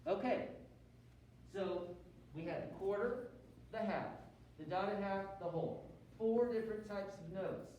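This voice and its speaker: Slow, echoey male music teacher. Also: high voice, a little mellow, recorded from a distance, slight background noise. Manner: counts beats aloud, call and response. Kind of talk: rhythm lesson for students.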